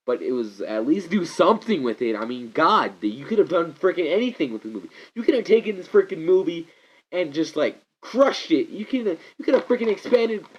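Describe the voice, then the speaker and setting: A man vlogging a rambling casual movie rant to his camera, digressive and animated, breaking into loud mock voices. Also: fairly high pitch, a little fast, slightly rough. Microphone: camera mic. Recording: dull lo-fi camera audio.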